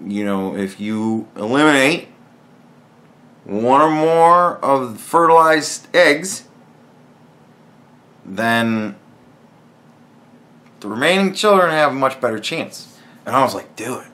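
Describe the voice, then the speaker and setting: A man's voice: medium pitch, lively intonation, slow pace, pauses often, fairly bright tone. A man talking alone in a casual podcast monologue, blunt and profane, rambling with frequent restarts. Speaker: podcast host.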